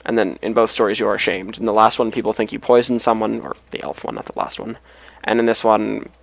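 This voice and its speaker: A man's voice: fairly low pitch, little pitch movement, a little fast, vocal fry, poor audio. A tired man casually rambling as he comments on a game he is playing, with mumbled asides. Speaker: let's play host.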